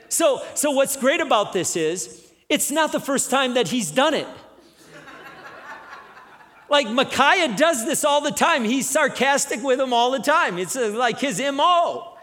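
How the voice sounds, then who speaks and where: A man preaching a sermon in a conversational, animated manner, acting out the story as he tells it. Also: sits high, moderate pace, big-room sound.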